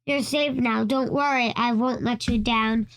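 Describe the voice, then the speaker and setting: A woman voicing a kind, worried male elephant in a read-aloud storybook, in an earnest, halting way. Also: a little high, steady tone. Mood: anxious.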